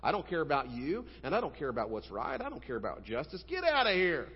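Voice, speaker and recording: A man's voice: mid-range voice, very animated, quick pace, slightly rough. A man doing a callous, dismissive judge. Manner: dismissive, curt. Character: callous, uncaring male judge. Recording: dull sound with long hall reverb.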